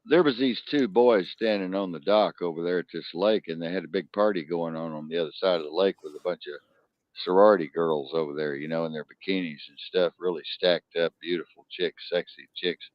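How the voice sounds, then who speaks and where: A man telling long rambling stories and jokes in casual chat, jumping into high voices when he quotes people. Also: a little fast, no room sound. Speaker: co-host. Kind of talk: casual storytelling and joke telling. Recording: dull lo-fi sound.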